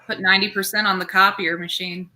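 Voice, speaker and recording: A woman's voice: medium pitch, little pitch movement, bright, forceful tone, low-quality recording. A woman hosting a casual comedy chat, bubbly and chatty. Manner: chatty, bubbly, quick asides. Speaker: podcast host.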